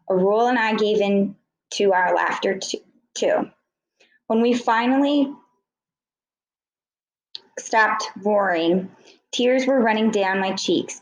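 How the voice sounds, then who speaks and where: Woman teacher reading a chapter out loud, stops to explain words, says um and like. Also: mid-range voice, reverberant, poor audio. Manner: explains words with fillers, self-corrects slips. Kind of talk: reading a chapter aloud to students.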